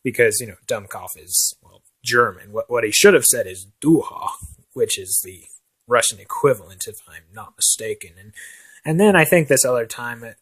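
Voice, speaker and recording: In an amateur comedy sketch, a man plays a nervous brother filling in as a talk show host, rambling and stammering through hesitant, filler-heavy stories. His medium-pitched voice is a bit bright and slightly rough, with lively intonation and a moderate pace.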